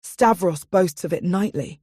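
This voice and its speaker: A woman's voice: fairly low pitch, measured pace, warm tone, breathy edge, no echo, clean studio sound. A woman voicing an earnest young man who pleads anxiously, in an audiobook. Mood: worried.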